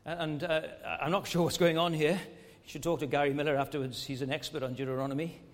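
High-voiced preacher in a reverberant hall. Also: male voice, little pitch movement, fast. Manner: emphatic, rising and falling with many rhetorical questions. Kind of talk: sermon.

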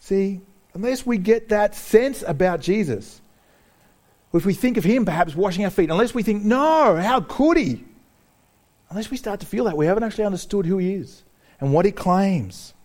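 A man delivering a sermon, his voice sitting a little high for a man. He preaches in an animated way, cracking jokes with the congregation and acting out the people he quotes. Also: brisk. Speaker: pastor.

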